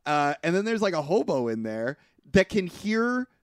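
Co-host, male, fairly high and lively voice, sarcastic and sweary, dry mic. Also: moderate pace, smooth, no room sound. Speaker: podcast co-host. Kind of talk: casual movie recap chat.

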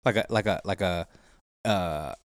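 Young man, podcast co-host, low voice, dry close-mic room, loose rambling delivery. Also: a little slow, no room sound. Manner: rambling storyteller, laughs often. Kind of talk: casual crude chat.

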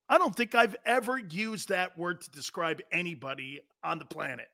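High, bright-voiced ranting sports host man. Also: moderate pace, vocal fry, hardly any pauses, no room sound, clean studio sound. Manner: blunt, profane, repetitive and heated. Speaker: sports talk show host. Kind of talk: opinionated live sports talk rant.

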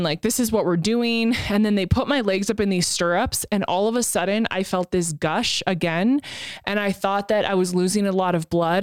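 A woman's voice: medium pitch, clear, resonant tone, dry recording, studio quality. A woman in her thirties telling a personal story as a podcast co-host, frank and emotional, swearing casually.

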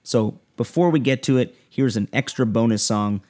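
A man's voice: medium pitch, normal speed, darkish tone. Man reading a lyrical podcast intro. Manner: lyrical, heartfelt storytelling delivery. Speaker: podcast host.

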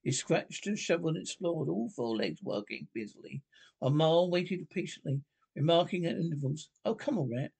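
Brief: male narrator, unpolished read-aloud, husky with a gravelly edge. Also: on the high side, brisk, darkish tone. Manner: unpolished reading with frequent slips and restarts. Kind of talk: audiobook reading of a children's classic.

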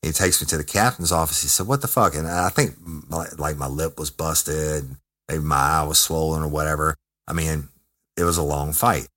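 A man with an extremely low, deep voice tells a story casually. He talks in a blunt, profane, emphatic way, punching out words as he goes. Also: normal speed. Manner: profane, emphatic, animated retelling. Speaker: former correctional officer telling a story.

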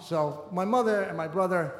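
A middle-aged man with a high-pitched voice tells a personal story at a normal speed from a stage in a large hall, in front of an audience. His delivery is easy and conversational, sprinkled with "you know" asides. The recording carries roomy hall reverb.

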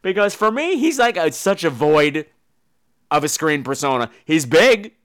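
A man with a high, bright, crisp voice who tears into films on his podcast. He rants with sarcasm and heavy swearing, swinging his pitch all over the place as he mocks the actors. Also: big pitch swings, a little slow. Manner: sarcastic, swears freely, mimics people. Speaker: podcast host reviewing films. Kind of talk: profane comedic rant.

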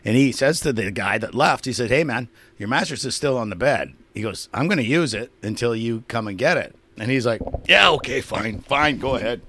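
A man telling a long, profane story on a podcast, acting out both sides of a shouting match and laughing often. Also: medium pitch, animated, brisk, hardly any pauses, slight background noise. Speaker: podcast co-host. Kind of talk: casual storytelling chat.

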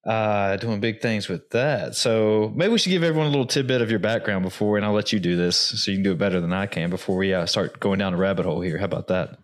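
A man's voice: lowish voice, fast talker, hardly any pauses. A man hosting a podcast, laid-back and encouraging, dropping short reactions as his guest talks. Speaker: podcast host. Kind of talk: casual interview chat.

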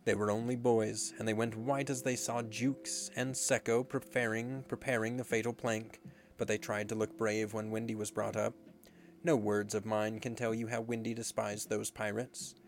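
A man reading a storybook aloud in a measured, expressive way. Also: on the low side, a little hiss or hum. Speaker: narrator.

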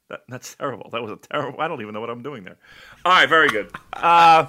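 A man's voice: medium pitch, a little fast, pushed and bright. A man hosting a casual podcast chat, loose and joking, who swears freely and laughs often. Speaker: podcast host.

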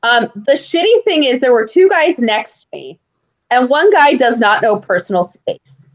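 A young woman co-hosting a casual chat, telling stories with lively, acted-out quotes. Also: on the high side, moderate pace. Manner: animated storyteller who acts out loud quotes. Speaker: podcast co-host.

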